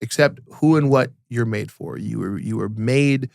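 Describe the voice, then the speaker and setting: Gravelly-voiced man, casual podcast chat. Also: normal speed, dry recording, studio quality. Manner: animated storyteller, acts out quotes in a higher voice; repeats and restarts words. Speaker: podcast co-host.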